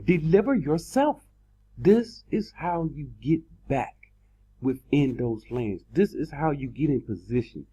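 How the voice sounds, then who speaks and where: A man delivers an emphatic sermon with a husky, mellow voice that sits a little high. He repeats words and drags out key phrases for emphasis. The recording is dull and lo-fi. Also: lively intonation. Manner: emphatic, repeats words, slows down to stress points. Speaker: preacher. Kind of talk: sermon in an online video.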